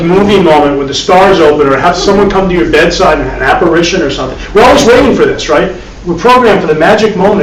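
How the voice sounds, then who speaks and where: Man, spiritual teacher, fairly high voice, conversational, wry asides, echoey room, distant mic. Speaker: meditation teacher. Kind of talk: live dharma class talk. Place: classroom with a live audience.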